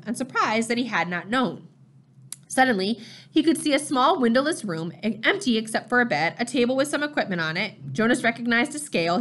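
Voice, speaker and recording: A woman narrating a novel chapter in a steady, measured storytelling voice. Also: a little high. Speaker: audiobook reader.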